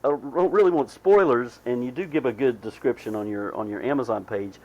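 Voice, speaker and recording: A man with a Southern US accent, hosting a podcast in casual chat, talking in a drawn-out, halting way with fillers. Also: mid-range voice, darkish tone. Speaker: podcast host. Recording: slightly dull lo-fi sound.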